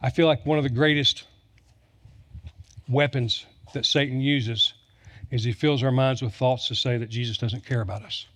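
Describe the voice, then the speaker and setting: A man's voice: medium pitch, fairly even intonation, normal speed, a bit bright. A man preaching a sermon, telling stories with humor and repeating lines for emphasis. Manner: storytelling with humor, emphatic repetition. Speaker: pastor.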